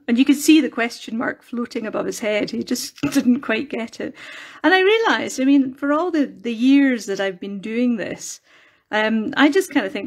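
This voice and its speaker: A woman chatting casually while crafting during a live phone video, rambling and restarting as she works. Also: normal speed. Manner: chatty, rambling, with many restarts and animated pitch jumps.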